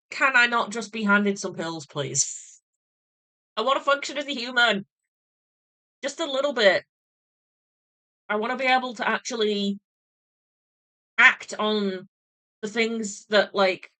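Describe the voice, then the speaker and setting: A woman's voice: on the high side, slow, pauses often, sharp tone. A woman chatting casually on a live stream, venting, laughing often and swearing freely.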